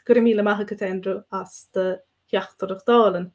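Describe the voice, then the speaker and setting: A woman teaches in a loose, halting way, full of ums and restarts. Her voice sits at an ordinary middle pitch. She sounds like a live-stream co-host talking through a point. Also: fairly even intonation, a little mellow. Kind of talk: live-stream language lesson.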